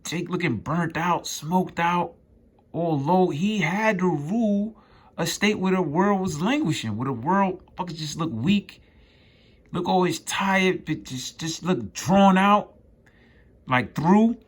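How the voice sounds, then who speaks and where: A man teaching scripture in an informal, emphatic way, reading verses aloud and riffing on them in rough, profane slang. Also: sits high, animated, slow. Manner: reads scripture aloud then riffs on it. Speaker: street preacher.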